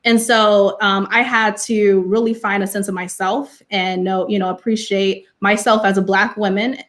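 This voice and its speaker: An earnest young woman from California speaks on a panel discussion at a medium pitch. She tells her own story with conviction and keeps leaning on "you know" as she talks. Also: fairly even intonation, moderate pace, a bit bright. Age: young adult. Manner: passionate, heavy use of "you know". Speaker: panelist and teacher.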